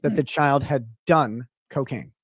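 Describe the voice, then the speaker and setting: A man on a livestream speaking deliberately about a legal matter, stressing his denials. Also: mid-range voice, slightly rough, no room sound, clean studio sound. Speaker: streamer speaking about his court case. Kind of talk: measured statement on a stream.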